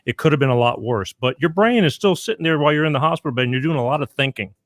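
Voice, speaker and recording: A man hosting a casual live show, brisk and reassuring, reading out viewer comments. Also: fairly high pitch, no echo, studio quality. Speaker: show host.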